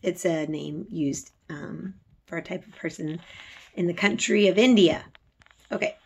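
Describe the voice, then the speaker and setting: Animated woman teacher reading aloud. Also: on the low side, a little slow, vocal fry, breathy edge. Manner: animated and dramatic storytelling. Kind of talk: reading a novel aloud to students.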